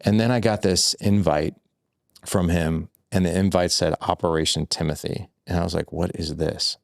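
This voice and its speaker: A man's voice: low-pitched, smooth, dry recording, clean studio sound. A man who is a guest on a podcast, telling a personal story in loose, candid conversation, full of "like" and "I was like". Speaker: podcast guest, fatherhood coach.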